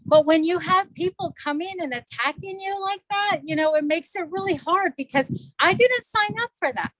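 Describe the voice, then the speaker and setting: Woman, middle-aged, council delegate, community meeting talk, earnest, emotional, repeats points, high voice, dry sound. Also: normal speed, a bit bright, no room sound, rough recording.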